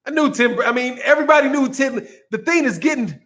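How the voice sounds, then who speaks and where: High-voiced man riffing to his live chat. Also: brisk, fairly bright tone. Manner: loose, joking, talks straight to chat, frequent laughs. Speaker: boxing channel host. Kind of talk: casual live-stream commentary reading chat.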